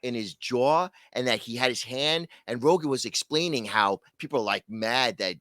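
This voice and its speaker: A man co-hosting a podcast in casual chat, telling stories and acting out quotes in a loud voice. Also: mid-range voice, moderate pace, hardly any pauses, dry recording, studio quality. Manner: animated storyteller, acts out quotes in loud voices. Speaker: podcast co-host.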